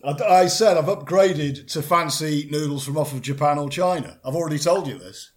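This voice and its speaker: A man, chatting in a deadpan comedy double act, pedantic and self-assured, rambling with restarts. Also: a little high, normal speed.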